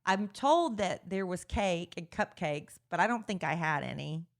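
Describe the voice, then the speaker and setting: Podcast lady, kinda low voice, chatty and teasing, sounds a bit worn out. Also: expressive, normal speed. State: worn out, recovering from a party. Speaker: podcast co-host. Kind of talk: casual chat.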